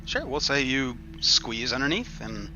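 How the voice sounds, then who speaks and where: A man narrating a tabletop game as game master, lively, with quick asides. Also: medium pitch, muffled recording, a little hiss or hum.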